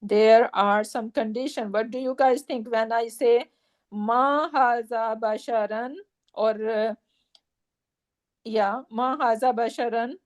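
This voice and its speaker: A woman teaching a grammar lesson at an unhurried pace with a somewhat high voice. She goes over each point more than once and keeps checking that her students follow. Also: steady tone. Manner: patient, repeats points and checks understanding.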